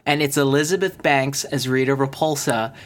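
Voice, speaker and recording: A man co-hosting a casual podcast chat. He talks in an animated way with a lot of laughter. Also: normal speed. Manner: animated, laughing, breaks into high mock voices. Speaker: podcast co-host.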